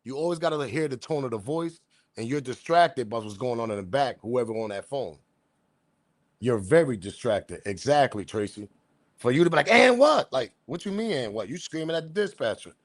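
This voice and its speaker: A man's voice: medium pitch, fairly quick, no room sound. Blunt, slangy male commentary host. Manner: animated, blunt slang, talks straight to viewers. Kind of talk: casual commentary.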